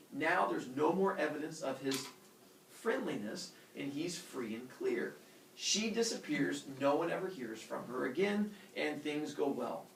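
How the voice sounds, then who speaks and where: Brief: animated male teacher spinning a myth, gravelly voice, recorded from the back of an echoey classroom. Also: on the high side, a little hiss or hum. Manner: casual, animated, filler-heavy with sound effects. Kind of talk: storytelling lesson. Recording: roomy classroom from far off.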